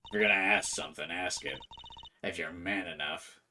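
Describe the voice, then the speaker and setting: A man voicing a tough, curt older mob wife with a husky, gruff voice. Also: low-pitched, moderate pace, bright, forceful tone, far from the mic, a little hiss or hum, pitched below the performer's own voice. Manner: curt, intimidating.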